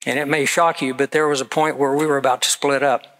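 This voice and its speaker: A man's voice: mid-range voice, little pitch movement, fast, fairly bright tone, low-quality recording. A man in his seventies preaching a sermon, telling personal stories in an earnest, conversational way. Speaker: pastor.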